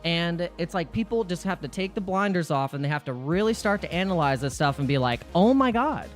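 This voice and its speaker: A man hosting a crypto live stream, talking in an excitable, rambling rant full of restarts. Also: a little high, fairly quick, soft background music.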